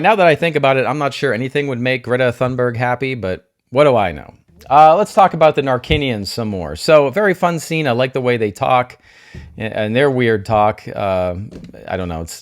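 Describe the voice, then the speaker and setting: Chatty man thinking aloud. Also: mid-range voice. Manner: thinks aloud, questions himself, jokey asides; openly emotional, gushing. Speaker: TV show reviewer. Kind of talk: casual spoiler review.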